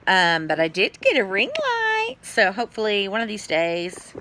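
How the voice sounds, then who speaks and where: A middle-aged woman, chatting casually to camera at home in a rambling way, with sudden high exclamations. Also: huge pitch swings, moderate pace, pushed and bright. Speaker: vlogger. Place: at home indoors.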